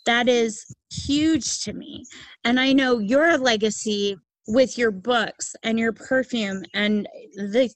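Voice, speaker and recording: Earnest high-voiced woman podcast host. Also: slow, no echo, rough recording. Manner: emphatic, earnest and laughing easily. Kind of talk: casual podcast conversation.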